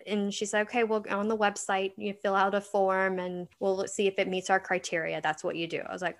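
A woman's voice: medium pitch, quick pace, hardly any pauses, a bit bright. Earnest woman author telling stories. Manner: earnest, storytelling, laughs often. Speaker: author guest. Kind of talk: casual interview chat.

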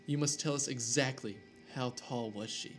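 Faint music plays under a man reading a scary story aloud, his mid-range voice fairly bright and his speed normal. He's casual about it, tossing in jokey asides and tripping over the names.

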